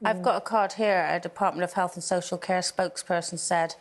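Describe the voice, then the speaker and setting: An English woman anchoring a daytime TV panel, reading statements in a measured tone and steering the talk. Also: lowish voice, fairly even intonation. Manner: reads statements in a measured, formal tone. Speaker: TV show anchor.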